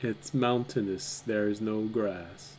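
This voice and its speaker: A man's voice: fairly low pitch, fairly even intonation, slow, a crowd in the background, poor audio. A man acting as game master, describing the setting in a dry, matter-of-fact way. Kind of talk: narrating a tabletop game.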